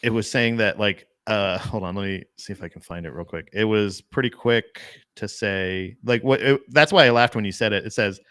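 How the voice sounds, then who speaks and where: A man's voice: on the low side, normal speed, hardly any pauses, fairly bright tone, no room sound, clean studio sound. A man co-hosting a podcast, rambling casually about movies, laughing and swearing as he goes. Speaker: podcast co-host.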